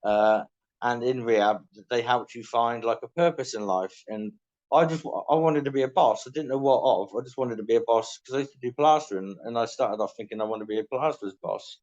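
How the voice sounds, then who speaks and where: A man's voice: medium pitch, brisk, darkish tone, highs cut off. A middle-aged English man telling his life story candidly in casual interview talk, often acting out what people said to him. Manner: candid, self-mocking, acts out quoted dialogue.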